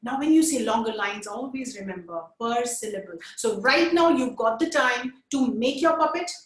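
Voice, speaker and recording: Lively high-pitched woman coaching a puppet class over a video call, echoey room. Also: normal speed. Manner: energetic, coaxing, counts along with viewers. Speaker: puppetry teacher. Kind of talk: live webinar instruction.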